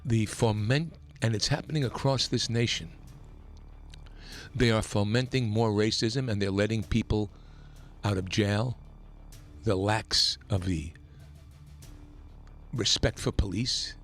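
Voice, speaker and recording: A man hosting a talk radio show, delivering an impassioned, emphatic political monologue that climbs toward near-shouting. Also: lowish voice, unhurried, long pauses, faint music behind. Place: radio studio.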